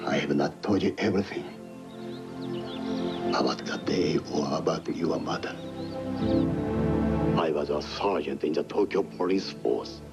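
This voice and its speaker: An actor playing a solemn police sergeant father speaking gravely to his daughter. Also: rumbling low, a little slow, pauses often, over loud music. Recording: movie clip with loud score.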